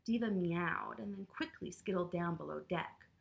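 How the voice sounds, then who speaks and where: A woman reading a picture book aloud to children and leading yoga poses, speaking to them in an animated, playful way. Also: lowish voice, moderate pace, creaky. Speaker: children's storyteller and yoga teacher.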